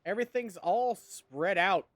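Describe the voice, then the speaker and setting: Speaking at a measured pace in a high voice, with no echo, a man streams a video game. He keeps up casual, wry commentary for his viewers and swears freely along the way.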